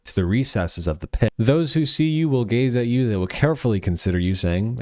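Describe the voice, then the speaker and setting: A man's voice: medium pitch, sing-song, normal speed, few pauses, a little mellow, dry recording, studio quality. A man teaching from the Bible, explaining passages and reading scripture aloud.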